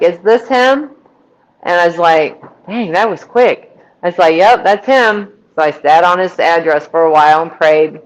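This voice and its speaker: On a podcast, a middle-aged guest from Missouri tells her testimony with a lowish voice, animatedly performing the people she quotes as she goes. The recording sounds dull.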